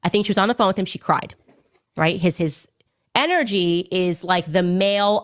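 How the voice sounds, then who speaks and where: Woman commentator, lower pitch, emphatic and accusing, speculative opinion delivery. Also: moderate pace. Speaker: political commentator. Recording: clip from an online show.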